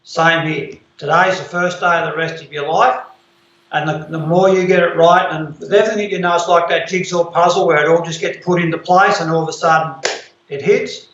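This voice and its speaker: Man, high voice, casual coaching chat, joke-telling, echoey room, muffled lo-fi sound. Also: fairly even intonation, brisk, a bit bright, a little hiss or hum. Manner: tells jokes and anecdotes, encouraging. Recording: roomy, dull lo-fi call audio.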